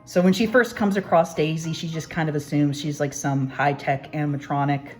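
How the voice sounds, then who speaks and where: A young woman with a fairly low voice talks through her sketchbook in a rambling, self-deprecating way. She chats casually as she flips pages, and faint music plays underneath. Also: fairly even intonation, a little fast. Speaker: artist, channel host. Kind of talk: casual sketchbook tour narration.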